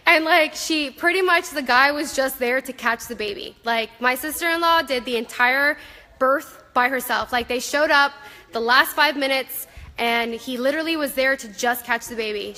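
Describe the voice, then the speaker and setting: A woman's voice: sits high, pushed and bright, long reverb tail. A woman author chatting casually on a live video, telling rambling stories with many fillers.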